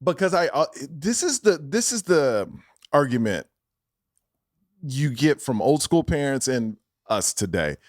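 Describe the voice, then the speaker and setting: A man, a guest comedian, chatting casually about parenting and doing a high whiny voice when he mimics his kid. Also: sing-song, unhurried, dry recording, clean studio sound. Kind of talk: casual chat.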